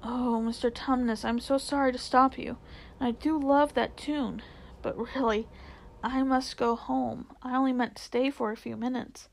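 A woman reading a storybook aloud, voicing a kind young girl who pleads and frets in a bright girlish voice. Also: sits high, fairly even intonation, moderate pace, gravelly. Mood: anxious.

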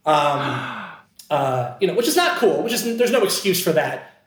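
A man's voice: a little high, lively intonation, moderate pace, reverberant. A man telling a long story in casual chat, rambling, with many fillers and restarts. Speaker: podcast co-host telling a story.

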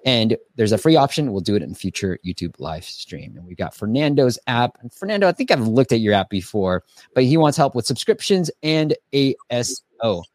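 A man's voice: mid-range voice, sing-song, normal speed, darkish tone, no echo, clean studio sound. A man hosting a casual live stream, reviewing apps and giving advice in a chatty way with lots of fillers.

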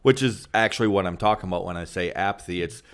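A man's voice: low voice, fast. A man co-hosting a podcast, in blunt, emphatic casual chat, swearing freely.

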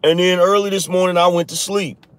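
A man's voice: high-pitched, steady tone, brisk, no room sound. A man hosting a live-streamed political show, talking straight to his viewers and mocking critics. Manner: talks to viewers, mocks critics in a raised voice. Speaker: podcast host.

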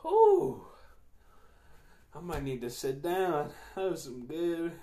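A man's voice: fairly high pitch, unhurried, darkish tone. A young man hosting a podcast, telling stories in a loose, slangy, profane way and laughing often. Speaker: podcast host. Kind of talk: casual storytelling chat.

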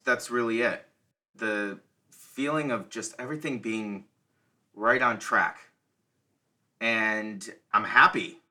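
A man with a fairly low, very bright and forceful voice. He talks slowly and takes his time, sharing plainly and sincerely as a guest. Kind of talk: casual conversation.

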